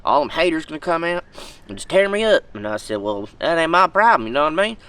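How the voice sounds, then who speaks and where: A man's voice: a little high, big pitch swings, fast talker, pushed and bright, clear, resonant tone, recorded from a distance, poor audio. A man playing an aggrieved, rambling redneck in a comedic monologue, with a tobacco dip in his mouth. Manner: rambling, folksy, loses his thread.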